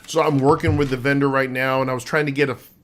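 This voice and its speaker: A man's voice: medium pitch, flat delivery, fast talker, a bit bright. A man co-hosting a casual live-stream chat, joking and bantering playfully. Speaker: co-host, author's husband.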